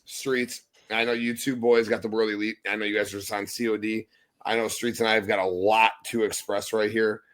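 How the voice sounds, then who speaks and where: A man hosting a casual wrestling podcast, upbeat and joking, swearing freely as he runs the panel. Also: fairly low pitch. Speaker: podcast host. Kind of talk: casual sports podcast chat.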